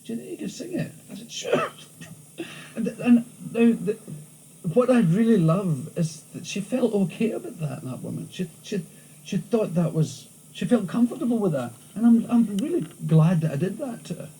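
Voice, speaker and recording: A man with a thick Glasgow accent, talking through an interview in lively stories full of restarts. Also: high-pitched, normal speed, rough recording. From Scotland. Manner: animated storytelling, frequent restarts. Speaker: interviewee, comedian. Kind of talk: candid interview chat. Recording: old VHS tape with faint hiss.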